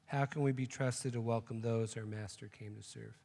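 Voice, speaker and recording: A man's voice: medium pitch, steady tone, normal speed, gravelly, dark tone, long reverb tail. A man preaching a sermon, telling a joke story and then making emphatic, repeated points. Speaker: pastor.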